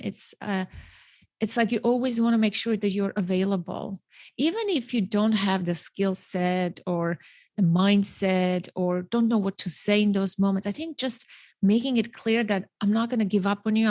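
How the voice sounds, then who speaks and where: A woman's voice: mid-range voice, dry recording. Earnest woman podcast host. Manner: earnest, repeats words while thinking. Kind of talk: casual conversational interview.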